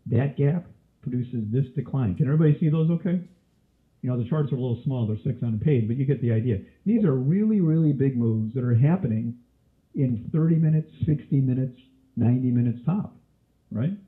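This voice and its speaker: Male trading instructor, mid pitch, a cough and a scratchy throat, quizzing style, tinny webinar audio. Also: animated, a little fast. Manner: quizzes listeners with frequent questions. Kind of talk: live webinar teaching.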